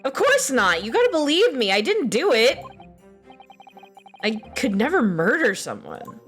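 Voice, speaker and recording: A woman voicing an earnest, nervous young male student, her own voice pitched slightly up, flustered and apologetic. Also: wildly swooping pitch, measured pace, faint music behind. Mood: pleading.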